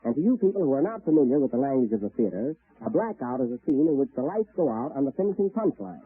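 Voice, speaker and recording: Male 1930s radio comedy host, wisecracking and husky, phone-thin sound. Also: medium pitch, very animated, fast. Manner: wisecracking, jokey asides. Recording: tinny 1930s radio broadcast.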